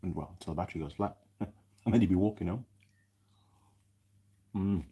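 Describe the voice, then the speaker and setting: Low-voiced chatty man. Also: brisk, warm tone, a little hiss or hum. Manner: chatty and rambling, with many restarts. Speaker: live stream host, mechanic. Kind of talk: casual live chat reading viewer comments.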